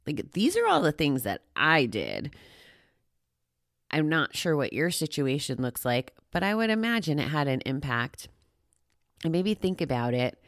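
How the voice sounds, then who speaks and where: A woman's voice: deep voice, huge pitch swings, unhurried, no echo, studio quality. A woman talking casually to her listeners about recovering from gambling, rambling and self-deprecating, with frequent fillers. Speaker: podcast host on gambling recovery. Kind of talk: casual personal talk to listeners. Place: walking outdoors.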